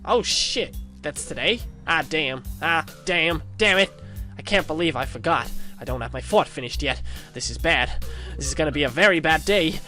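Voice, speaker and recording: A man putting on a jumpy, paranoid young guy who rants loud and frantic in a high, swooping voice. He sounds tense and shouty throughout. Faint music plays underneath. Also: expressive, moderate pace. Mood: panicked.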